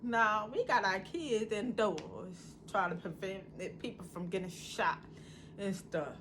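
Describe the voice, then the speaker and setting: Slow, chatty woman telling a story. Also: medium pitch, noisy background. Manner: animated, conversational storytelling with many "you know"s. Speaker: vlogger. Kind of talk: casual storytime.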